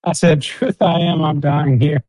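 A man's voice: on the high side, fairly even intonation, a little slow, darkish tone, no room sound, poor audio. A man joining a group call with short joking interjections. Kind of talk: casual group call chat.

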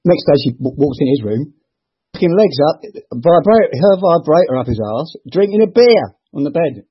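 Husky man chatting on a lo-fi call. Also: fairly high pitch, big pitch swings, moderate pace. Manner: laughing, loose joke-telling, many fillers. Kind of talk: casual chat. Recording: dull lo-fi call audio.

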